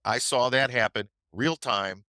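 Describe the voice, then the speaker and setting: A man's voice: mid-range voice, measured pace, sharp tone, dry recording. A middle-aged man who teaches trading, telling a story on a webinar in a chatty way with tag questions. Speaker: trading educator.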